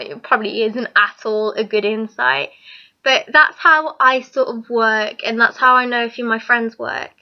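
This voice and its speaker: Young woman, high bright voice, casual giggly vlog chat, lo-fi sound. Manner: chatty, giggly, rambling. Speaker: vlogger. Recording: dull lo-fi recording.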